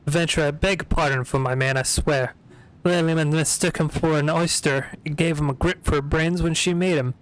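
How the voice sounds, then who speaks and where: A man voicing a drunken, gruff male pirate sailor with slurred, old-timey seafaring speech. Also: on the high side, steady tone, moderate pace, natural voice.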